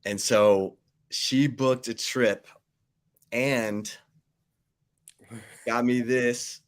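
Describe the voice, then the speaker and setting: A man hosting a casual sports talk show, relaxed and laughing along with his guest. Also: mid-range voice, extremely slow. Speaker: sports radio host.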